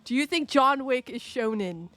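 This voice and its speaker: A woman's voice: sits high, expressive, normal speed, a bit bright, no room sound, soft background music. A woman streaming live, chatting casually and playfully, rambling, laughing often and answering her chat.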